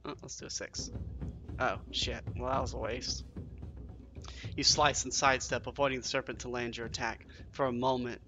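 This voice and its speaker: A man doing let's-play commentary, reading game text aloud and reacting with excited, cursing self-talk. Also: mid-range voice, slight background noise. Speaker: game streamer.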